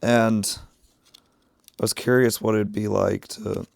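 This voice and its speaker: A man with a sick voice, chatting casually to his livestream while he crafts and thinks out loud. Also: lowish voice, level tone, slow pace, gravelly, no room sound. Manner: rambling, thinking aloud while working. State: sick, rough voice. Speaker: streamer.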